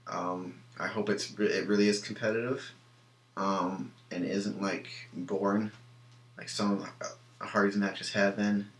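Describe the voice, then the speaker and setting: A man's voice: lowish voice, flat delivery, a little slow. Opinionated young man in an echoey room. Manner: rambling, many ums and restarts, opinionated. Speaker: wrestling show reviewer. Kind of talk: casual solo review.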